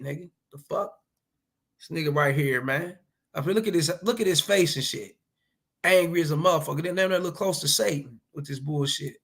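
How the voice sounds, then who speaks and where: A man with a slightly high, gravelly and husky voice, talking bluntly and profanely in a casual reaction commentary. He lectures his listeners with preachy, street-style advice. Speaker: commentary vlogger.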